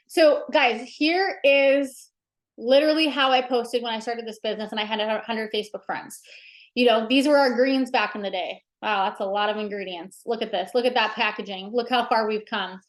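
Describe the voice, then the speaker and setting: A woman's voice: high-pitched, a bit bright. A woman leading a casual livestream coaching session, talking chattily with lots of fillers and emphatic asides. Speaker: direct sales team leader.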